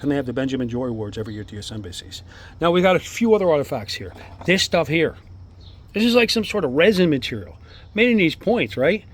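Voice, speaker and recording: A man excitedly showing his stone collection to the camera, rambling from one topic to the next in a casual monologue. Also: on the high side, fast talker. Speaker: amateur artifact collector. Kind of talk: casual show-and-tell monologue.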